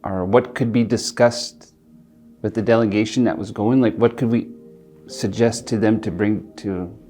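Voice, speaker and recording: A middle-aged man telling a personal story in an interview, earnest and reflective, pausing and restarting as he speaks. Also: lowish voice, fairly even intonation, warm tone, faint music behind. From Alberta, Canada. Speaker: interviewee, community leader.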